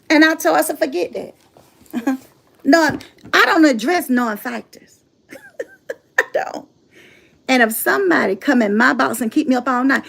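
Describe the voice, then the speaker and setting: On a casual livestream, a middle-aged motivational speaker who runs her own channel addresses her audience with sass and emphasis. Her voice is a little high and slightly rough, with vocal fry and a fairly bright tone, and she laughs a lot and repeats herself for effect.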